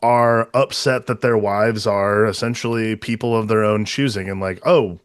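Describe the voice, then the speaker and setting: A man's voice: on the low side, fairly even intonation, normal speed, clear, resonant tone, no room sound, studio quality. A man co-hosting a casual movie podcast, rambling and swearing, with lots of fillers and restarts. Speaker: podcast co-host.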